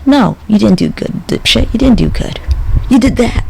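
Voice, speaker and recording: A podcast host rambles through a sardonic, profane monologue. His voice is high and heavily gravelly, with a faint hiss behind the recording. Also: expressive, normal speed, darkish tone, low-quality recording.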